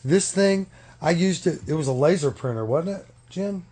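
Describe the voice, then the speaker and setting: A man's voice: on the high side, animated, moderate pace, warm tone. A man complaining in a casual vlog, firm and emphatic, repeating himself for stress.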